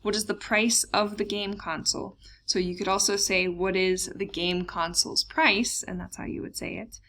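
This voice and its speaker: A woman teaching a recorded German grammar lesson over slides, explaining plainly with lots of ums and uhs, slowing down for example words. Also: mid-range voice, steady tone, a bit bright, slight background noise. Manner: plain explanatory tone with frequent fillers.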